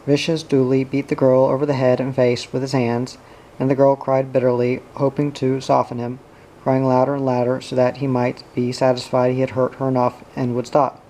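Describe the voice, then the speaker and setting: Man reading a novel aloud, mellow. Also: medium pitch, monotone, normal speed, a little hiss or hum, rough recording. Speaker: audiobook reader.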